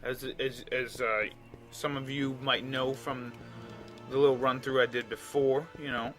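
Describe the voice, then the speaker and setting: A man's voice: medium pitch, level tone, measured pace, fairly bright tone, faint music behind. A man around thirty giving casual, rambling commentary over a video game he is playing. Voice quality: rambling, chatty, frequent restarts. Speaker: let's play commentator.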